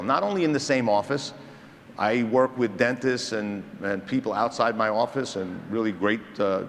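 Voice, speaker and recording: A man gives a lively conference lecture to a room of dentists, quizzing them with show-of-hands questions. His mid-pitched voice rings out with a long hall reverb, and a faint room ambience sits underneath. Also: a little hiss or hum. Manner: engaging storyteller, quizzes the audience. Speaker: implant surgeon lecturing dentists. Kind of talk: conference lecture to a live audience.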